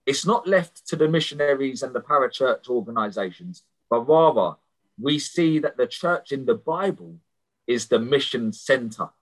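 Man, preacher, sermon with personal testimony, earnest, chatty, stumbles and repeats words, mid-pitched voice. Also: animated, moderate pace, rough recording. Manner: earnest, conversational, often repeats words when starting a phrase. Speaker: preacher and prison missionary.

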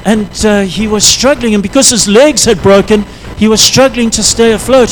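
A man preaching a sermon, telling a story in an earnest, halting way that often sinks to a quiet intensity. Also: sits high, a little hiss or hum, rough recording.

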